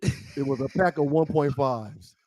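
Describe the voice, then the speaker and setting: A man co-hosting a talk show, telling an animated story and acting out a shouting cop. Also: mid-range voice, unhurried. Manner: acts out a cop's voice, loud and shouting.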